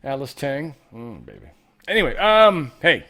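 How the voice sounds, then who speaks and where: A man's voice: mid-range voice, wildly swooping pitch, normal speed, pauses often, pushed and bright. Irreverent joking man riffing on news. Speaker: show host. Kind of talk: casual news commentary monologue.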